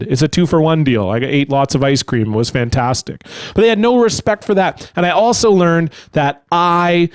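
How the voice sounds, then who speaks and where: A young man telling a story as a stand-up comedian, animated and acting out other people along the way. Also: fairly high pitch, normal speed, smooth.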